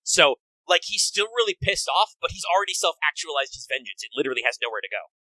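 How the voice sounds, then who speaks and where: A man co-hosting a casual talk about a video game, animated, swearing often and slipping into quick character voices. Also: on the high side, dry recording, low-quality recording. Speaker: podcast co-host.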